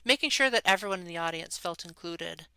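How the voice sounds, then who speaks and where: A woman's voice: on the low side, expressive, a little fast, bright, forceful tone, smooth, no echo, poor audio. A woman interviewing a friend in a casual chat, telling stories and asking questions. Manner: friendly, storytelling, asks questions.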